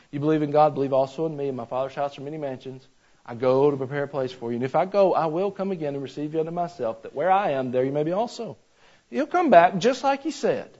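A man's voice: a little high, a little mellow. A man preaching a sermon in a folksy, conversational way, talking straight to his congregation. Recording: slightly dull lo-fi sound.

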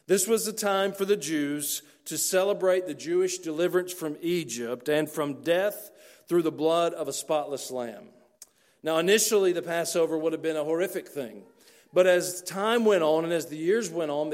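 Earnest preacher with a higher voice. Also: male voice, a little mellow. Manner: earnest, slows down for emphasis. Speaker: pastor. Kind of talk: sermon.

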